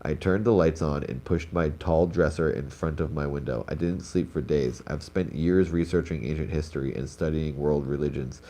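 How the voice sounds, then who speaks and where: A man's voice: a bass voice, moderate pace, few pauses, dark tone. A young man, sounding congested, reads stories aloud on a live stream as host and breaks off for casual comments. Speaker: host reading viewer stories.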